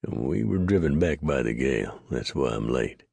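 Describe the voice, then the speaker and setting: A man voicing a cool, unhurried Texan gunman with a mocking drawl in an audiobook reading. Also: very deep voice, animated, gravelly, mellow, husky, no room sound, exaggerated voice. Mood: calm. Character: cold, calm Texan gunman, smug and unhurried.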